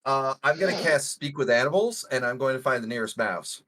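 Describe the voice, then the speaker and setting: A player talks through a tabletop game in an easygoing, joking way. The pitch swings widely and lively. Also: brisk.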